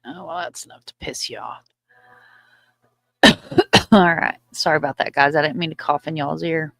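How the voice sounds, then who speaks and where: Southern woman host, casual and playful, lower voice, dry sound. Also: fairly even intonation, moderate pace, gravelly, fairly bright tone, no echo. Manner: chatty, playful, swears casually. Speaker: livestream host. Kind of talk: casual livestream chat. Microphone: computer mic on a live stream.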